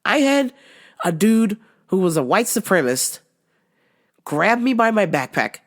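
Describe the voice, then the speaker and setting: A woman from the United States hosts a casual podcast and tells a comic story. She swears freely. Her pitch leaps up and down as she talks, and she sounds animated throughout. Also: unhurried. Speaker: podcast host.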